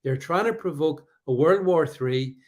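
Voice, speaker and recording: A man's voice: a little high, measured pace. A middle-aged man hosting a live stream, combative and sarcastic, with many fillers and restarts as he reads out viewer comments. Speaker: livestream host.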